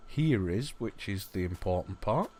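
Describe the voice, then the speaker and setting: A man with a lowish voice talks through his gameplay in a relaxed, unhurried way, his pitch swinging up and down as he chats. He mutters asides and talks to the things on screen as he goes. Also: slight background noise. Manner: chatty, talks to the game objects, mutters asides. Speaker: let's play host. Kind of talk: casual gameplay commentary.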